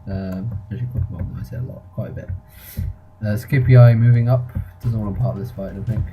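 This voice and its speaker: A man's voice: on the low side, brisk, creaky, dark tone, poor audio. A man giving casual commentary on a strategy game battle, rambling and correcting himself as he thinks aloud. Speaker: gameplay reviewer and commentator. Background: music.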